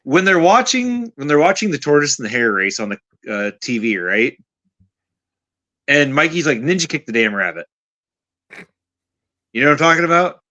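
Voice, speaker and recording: Bright, animated man swearing freely. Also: fairly high pitch, a little fast, no room sound. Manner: animated, swears freely, talks over others. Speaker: podcast co-host. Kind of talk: casual movie-review chat.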